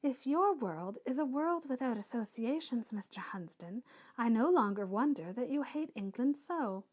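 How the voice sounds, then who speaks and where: Woman reading as a soft-spoken, proud young Swiss woman. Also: fairly high pitch, lively intonation, moderate pace. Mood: earnest. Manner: soft, earnest, restrained.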